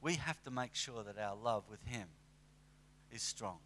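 Lively conversational male preacher. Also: mid-range voice, unhurried, a little hiss or hum. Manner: conversational, animated with acted asides. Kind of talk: sermon.

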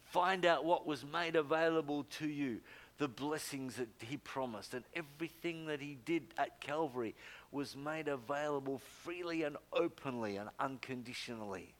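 An older man preaching a sermon, emphatic, with loud exclamations and low quiet asides.

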